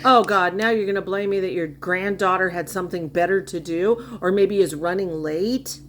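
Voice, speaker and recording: A woman's voice: fairly low pitch, moderate pace, a little hiss or hum. A woman giving sarcastic, mocking reaction commentary on a livestream clip.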